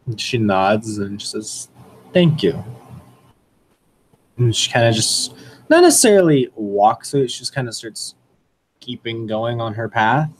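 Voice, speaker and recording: A man's voice: mid-range voice, very animated, normal speed, breathy edge, rough recording. A man playing a tabletop role-playing game who describes his character in a loose, casual way with many fillers. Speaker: player.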